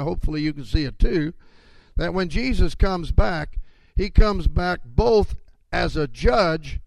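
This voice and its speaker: A man's voice: sits high, creaky, no room sound. A man preaching a sermon, emphatic and calling on his listeners for amens.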